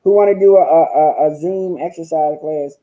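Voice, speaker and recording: A man's voice: on the high side, moderate pace, narrow, tinny audio. A man hosting a casual livestream from home, talking in a sassy, profane way and calling his listeners honey and girl. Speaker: livestream host.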